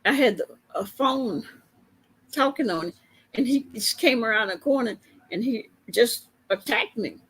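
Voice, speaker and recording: Slow, gravelly woman telling a story. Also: fairly high pitch, animated, fairly bright tone, rough recording. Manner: chatty, laughs often while telling a story. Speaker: police officer. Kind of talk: casual storytelling to camera.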